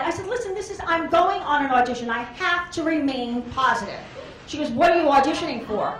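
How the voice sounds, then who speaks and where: A woman comedian works a club crowd with a high, bright voice. She rambles brashly through stories and slips into quoted voices. The sound bounces around a roomy club, with faint hum underneath. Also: animated, fairly quick. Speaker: stand-up comedian. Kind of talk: stand-up comedy set. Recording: echoey club room.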